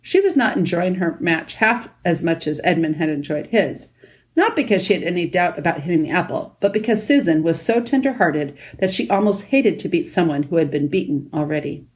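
A woman narrating a children's storybook at a steady pace. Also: on the low side, fairly quick. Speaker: audiobook narrator.

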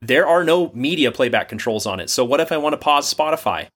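Bright-voiced American man, enthusiastic. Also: medium pitch, lively intonation, fairly quick. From United States. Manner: enthusiastic, jokey, rambling. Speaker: podcast co-host. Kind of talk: casual tech chat. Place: home office. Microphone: remote call mic.

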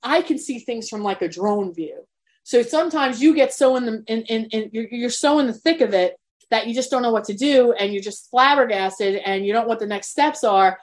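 Candid woman coach, slightly high voice. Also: moderate pace. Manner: candid, swears openly; earnest and motivational. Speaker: potty training coach. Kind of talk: live webinar presentation.

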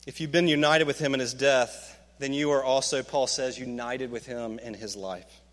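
Fervent preacher in a reverberant hall. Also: male voice, steady tone. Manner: emphatic, rising to fervent peaks, dropping low and slow for quoted words. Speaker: pastor. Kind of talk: sermon.

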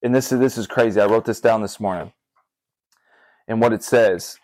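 A man's voice: fairly low pitch, steady tone, fairly quick, darkish tone, no room sound, rough recording. A man, a father, preaching earnestly on a podcast, speaking directly to listeners and often repeating his points. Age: young adult or middle-aged father. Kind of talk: podcast sermon.

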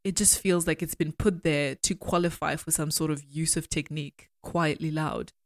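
Low-voiced woman critiquing poetry. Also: steady tone, no echo, studio quality. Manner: measured, deliberate, argumentative. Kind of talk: analytical commentary reading poems aloud.

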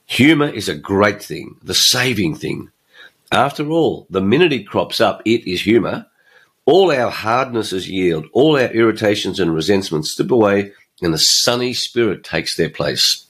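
A middle-aged man delivers a motivational podcast monologue. His voice sits low and carries a husky edge. He hammers his points home by repeating words. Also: lively intonation, measured pace, a bit bright. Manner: emphatic, repeats phrases. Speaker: podcast host and coach.

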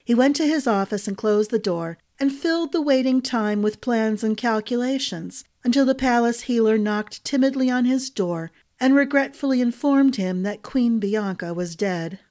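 A woman narrating a fantasy novel for a storytelling podcast in a measured, dramatic reading style. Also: on the high side, darkish tone.

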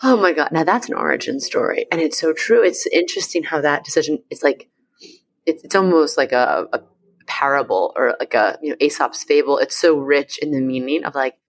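A woman's voice: sits low, lively intonation, brisk, dry recording. A woman hosting a podcast interview, effusive and gushing, rambling through her thoughts with many fillers. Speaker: podcast host. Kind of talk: casual interview chat.

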